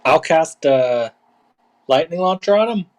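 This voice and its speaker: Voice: mid-range voice, lively intonation, measured pace. A player in a tabletop game who asks questions about the rules and rambles with fillers.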